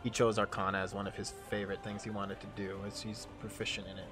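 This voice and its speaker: A man running a live-streamed tabletop game as game master, often pausing with fillers and apologizing. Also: on the low side, flat delivery, over music. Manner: hesitant, many fillers, apologetic.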